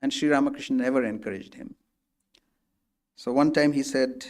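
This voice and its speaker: A man's voice: medium pitch, normal speed, long pauses, a little mellow. A man giving a spiritual lecture as a guest speaker, telling stories in a conversational way, often restarting sentences and acting out the people he quotes.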